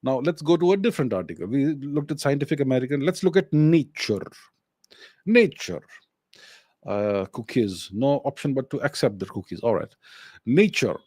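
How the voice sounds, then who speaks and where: A man's voice: medium pitch, expressive, a little fast, hardly any pauses, dark tone, no echo. A middle-aged man with an Indian English accent, hosting a solo Q&A show, explaining with rhetorical questions and thinking aloud. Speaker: host answering viewer questions. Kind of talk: solo Q&A livestream.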